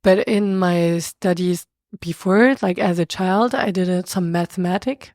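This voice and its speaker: A woman's voice: fairly low pitch, unhurried, no room sound. French woman, dry close mic. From France. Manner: animated, searching for words, laughs often. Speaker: podcast guest. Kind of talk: casual conversation.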